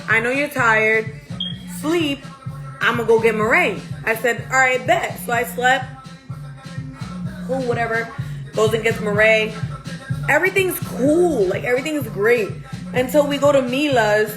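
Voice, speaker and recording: A woman on a livestream, telling a long night-out story in a blunt, profane, animated way. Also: a little high. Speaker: livestream host. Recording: clear music behind the voice.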